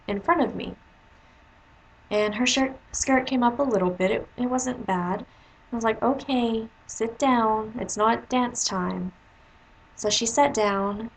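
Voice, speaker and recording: A woman who teaches, talking casually to camera as she tells a story and slips into higher voices to quote her pupils. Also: rough recording. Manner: chatty, jumps into high voices when quoting kids.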